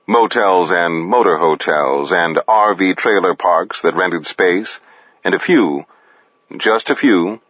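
Dry, unhurried male audiobook narrator with a low voice. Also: a bit bright, dry recording. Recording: dull, dry close recording.

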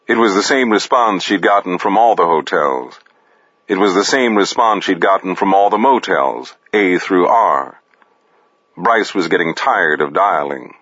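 A man narrating a crime story in a dry, unhurried manner. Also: low-pitched, expressive, a bit bright, no room sound. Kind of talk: audiobook narration. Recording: dull, dry close recording.

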